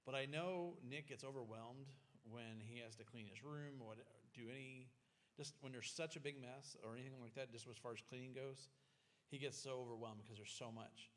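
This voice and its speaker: A man co-presenting a parenting class, relaxed and plain-spoken, with loose restarts. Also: mid-range voice, normal speed. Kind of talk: casual class talk.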